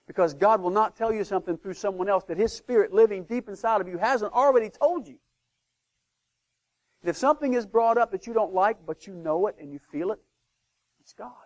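Male pastor, sermon delivery, voice a bit high, emphatic with sudden hushed asides. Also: brisk. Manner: emphatic, swings between loud declarations and hushed asides.

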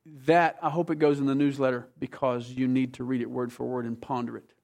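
A man's voice: mid-range voice, level tone, a little fast, vocal fry, darkish tone. A man from the United States preaching a sermon as pastor, telling stories and urging his congregation to listen closely.

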